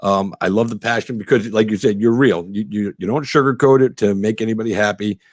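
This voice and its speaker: A man's voice: lowish voice, fairly even intonation, a little fast, no room sound, clean studio sound. A man hosting his own podcast, chatting casually with a guest, rambling with many fillers. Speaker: podcast host. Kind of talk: casual interview.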